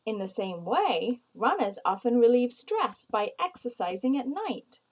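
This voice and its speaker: Woman teaching writing slowly, bit high. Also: very animated, husky, poor audio. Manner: slow, explanatory, reads example sentences aloud. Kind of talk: recorded writing lesson.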